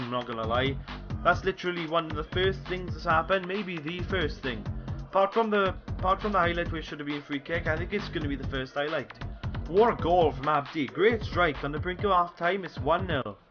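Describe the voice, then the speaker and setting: A man's voice: on the high side, lo-fi sound. Young man, gameplay commentary, heavy swearing, faint background music. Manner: swearing, swings between shouting and muttering. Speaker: gaming YouTuber.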